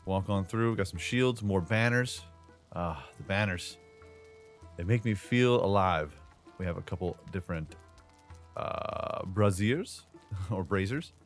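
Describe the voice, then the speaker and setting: A man's voice: low voice, measured pace, pauses often, soft background music. A man hosting a casual gameplay commentary, chatty and playful with loose slang and asides, recorded as a voice-over on a desk microphone. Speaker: gaming channel host.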